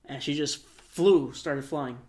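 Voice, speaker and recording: A young man, a podcast co-host, telling a long story in a relaxed, rambling way, full of fillers. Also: a little high, slow pace. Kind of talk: casual storytelling.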